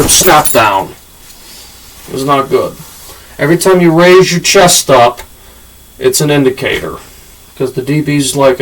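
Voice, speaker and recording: A man's voice: mid-range voice, measured pace. A man hosting a casual football analysis, blunt and profane, talking like a coach explaining routes. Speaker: channel host analyzing draft picks. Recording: voice from a distance off the mic.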